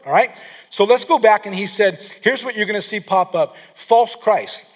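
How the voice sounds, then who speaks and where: High-voiced preaching man in a reverberant hall. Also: moderate pace. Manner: emphatic preaching, leaning in, repeating words for stress. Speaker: pastor. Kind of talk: sermon.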